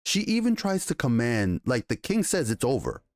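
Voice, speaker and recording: A man casually reviewing a TV episode, retelling scenes with excited, profane enthusiasm and quoted dialogue. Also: medium pitch, normal speed, dry recording. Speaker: TV show reviewer.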